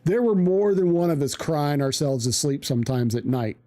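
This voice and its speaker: A man's voice: on the high side, lively intonation, moderate pace, mellow. A male streamer telling a casual story, rambling with restarts and plenty of swearing.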